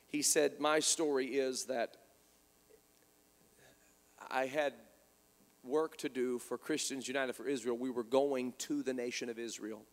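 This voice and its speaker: A man's voice: mid-range voice, a little slow, long pauses, big-room sound. A man preaching a sermon, telling a story and acting out the dialogue, often repeating words as he goes. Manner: animated, repeats words, acts out quoted dialogue.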